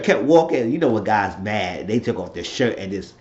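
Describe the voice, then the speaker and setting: A man's voice: lowish voice, moderate pace, hardly any pauses, dull audio. A man giving a blunt, opinionated, rambling recap of a TV episode in a casual unscripted way. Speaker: TV show reviewer.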